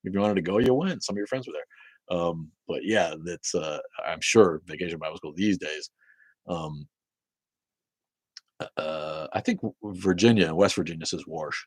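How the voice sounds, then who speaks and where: Low-voiced man ranting casually on a stream. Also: moderate pace, breathy edge, no echo. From Maine, USA. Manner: profane, rambling, sardonic, many fillers and restarts. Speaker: livestream host reading viewer comments. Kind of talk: casual ranting livestream chat.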